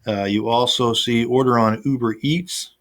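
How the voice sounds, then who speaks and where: A man's voice: medium pitch, fairly even intonation, moderate pace, a bit bright. A man teaching an online class, talking casually over a screen recording with plenty of fillers and restarts. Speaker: instructor.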